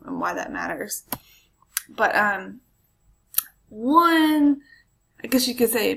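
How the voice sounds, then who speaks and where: Woman, history teacher, casual lecture, chatty with ums, gravelly voice, mid pitch. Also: a bit bright, low-quality recording. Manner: chatty, frequent ums, asides to students.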